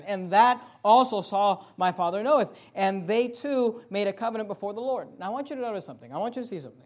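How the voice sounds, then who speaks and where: A man delivers a sermon with a high, bright-edged voice. He drives his points home by repeating phrases, swelling to loud, emphatic stretches before dropping back down. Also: expressive, fast, hardly any pauses. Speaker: pastor.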